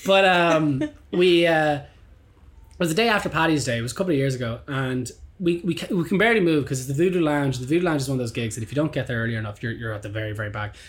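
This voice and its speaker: A man in his twenties with an Irish accent, hosting a podcast and telling stories in a lively, swearing, casual chat. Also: on the high side, quick pace. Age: 20s. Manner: animated storyteller, swears freely, acts out quotes. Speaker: podcast host.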